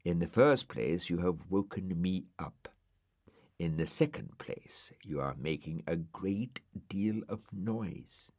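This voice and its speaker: A man voicing a grumpy, sardonic male dog who speaks slowly, clipped and withering. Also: low-pitched, expressive, darkish tone, no echo, studio quality, heavily acted. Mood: cold grumpy.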